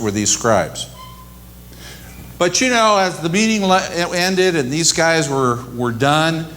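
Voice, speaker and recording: A man's voice: medium pitch, a bit bright, slight background noise. A man preaching a sermon and retelling scripture in a casual, storytelling way. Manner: conversational storytelling. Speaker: pastor.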